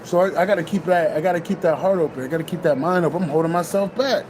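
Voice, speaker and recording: A man's voice: fairly high pitch, fast talker, background noise. A man giving a loose, casual spiritual pep talk, swearing freely and repeating himself as he urges listeners to keep an open heart. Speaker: spiritual vlogger.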